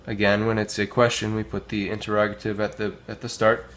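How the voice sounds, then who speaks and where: A man teaching a casual language lesson, modelling phrases slowly with many pauses and filler words. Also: lowish voice, level tone, a bit bright. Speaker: Spanish teacher.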